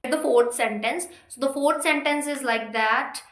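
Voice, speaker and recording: A woman with a high voice teaches English in a relaxed, explanatory way. Her tone is bright, and she restates every point several times. The room around her adds a noticeable echo. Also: unhurried. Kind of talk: informal explanatory lesson. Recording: roomy echo.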